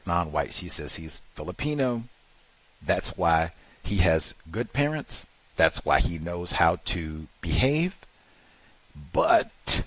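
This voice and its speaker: A man hosting a talk show, telling a rambling, exasperated anecdote in casual chat. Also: sits low. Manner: rambling, exasperated storytelling with many "like" fillers.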